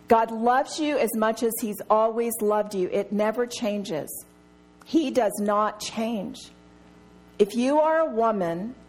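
A middle-aged woman teaching a women's Bible study, earnest and emphatic, repeating key phrases to drive them home. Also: fairly high pitch.

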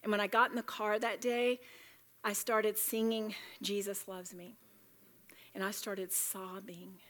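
A woman's voice: mid-range voice, little pitch movement, unhurried, fairly bright tone. A woman giving a Bible study talk to a room of women, chatty and joking yet earnest. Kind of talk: sermon.

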